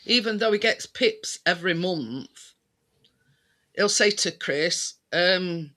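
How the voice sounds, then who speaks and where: A chatty man hosts a casual livestream chat. His voice is high and very bright. He repeats himself often and quotes whole conversations back. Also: animated, slow. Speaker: livestream host.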